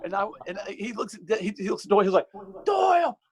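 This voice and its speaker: A middle-aged man, a guest musician, telling stories in a lively way and mimicking sounds and voices. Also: high voice, very fast, poor audio. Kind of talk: casual storytelling chat.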